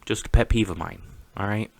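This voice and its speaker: A man with a Texas accent, giving a slow, deliberate and opinionated casual monologue to camera as a vlogger. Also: lowish voice, vocal fry, darkish tone, dry recording.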